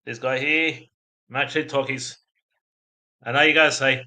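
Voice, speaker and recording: Australian male streamer, bright tone, rambling chatty delivery to chat. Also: medium pitch, steady tone, unhurried, long pauses. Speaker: livestream host. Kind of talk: casual livestream chat.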